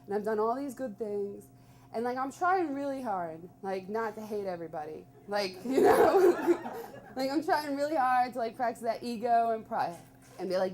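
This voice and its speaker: A young woman telling a personal story live, chatty and animated, full of "like". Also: fairly high pitch, fairly quick.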